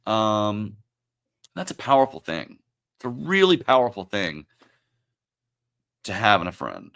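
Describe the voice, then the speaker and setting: A man turning forty, hosting his own livestream and talking in a reflective, halting, emotional way, with many pauses and fillers. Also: fairly low pitch, very animated, vocal fry, fairly bright tone, clean tone. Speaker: livestream host. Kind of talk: casual livestream talk.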